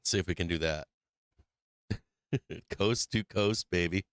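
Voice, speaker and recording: Man, live market commentary, excitable, laughs a lot, smooth clear voice, dry close sound. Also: low voice, slow pace, no room sound. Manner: excitable, laughing often, swearing, teasing chat. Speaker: stock market livestream host.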